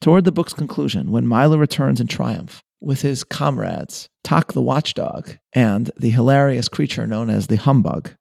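A man hosting a short reflective talk, reading his script and long quotations in a measured, earnest way. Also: mid-range voice, vocal fry, darkish tone, no echo, studio quality. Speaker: host.

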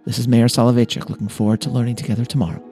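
A man hosting a short reflective talk, reading his script and long quotations in a measured, earnest way. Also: medium pitch, little pitch movement, music in the background. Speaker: host.

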